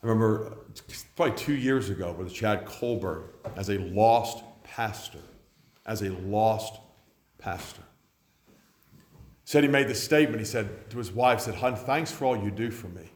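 A preacher in his forties delivers a sermon in a lowish voice, telling stories and putting on the voices of the people in them. The sound is roomy, with the echo of a church hall around him. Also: moderate pace. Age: 40s. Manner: storytelling, acts out quoted voices. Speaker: pastor.

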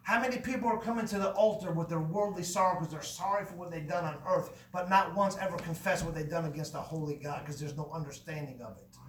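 A man's voice: fairly high pitch, fast talker, roomy sound, recorded from a distance. A man preaching a fervent, emphatic sermon in a church, telling his own testimony with repeated phrases.

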